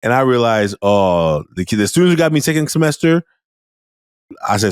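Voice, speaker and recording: A man's voice: mid-range voice, moderate pace, clear, resonant tone, dry recording, studio quality. A man hosting a podcast as a teacher, chatting casually and acting out what he tells his students. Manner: animated, acts out remarks to students. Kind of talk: casual conversational reflection.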